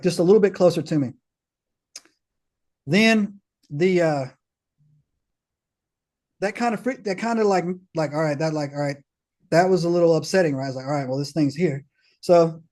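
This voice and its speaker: Male podcast guest, casual storyteller, slightly high voice, slangy and animated, acts out dialogue. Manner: slangy, peppers talk with "man", "bro", "right?".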